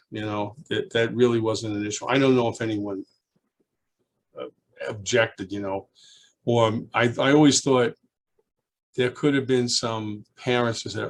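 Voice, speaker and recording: A man in his seventies reminiscing in an oral history interview, a lively storyteller who rambles with restarts and acts out children's voices. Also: medium pitch, measured pace, pauses often. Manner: rambling with frequent restarts and asides. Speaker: alumnus being interviewed.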